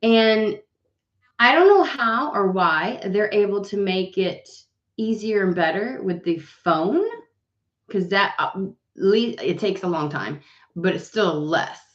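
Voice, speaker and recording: A woman's voice: mid-range voice, lively intonation, slow. Rambling, swearing woman in a roomy room. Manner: rambling and chatty, swears freely. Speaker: tarot reader hosting a live stream. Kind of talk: casual live-stream chat. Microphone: webcam. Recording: roomy, slightly dull home webcam audio.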